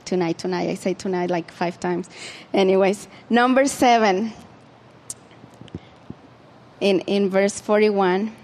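Woman preacher, informal sermon, conversational, fillers and restarts, mid-pitched voice. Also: fairly even intonation, slow, long pauses, darkish tone, big-room sound.

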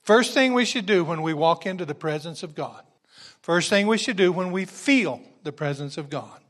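A man preaching a sermon and reading scripture verse by verse, moving from quiet, chatty asides to loud, exuberant exclamations. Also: a little high, animated, moderate pace.

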